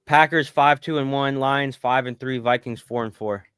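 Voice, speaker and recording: A man in his thirties co-hosting a casual sports podcast, telling animated stories and swearing casually. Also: medium pitch, normal speed, smooth, no room sound, clean studio sound. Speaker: podcast co-host.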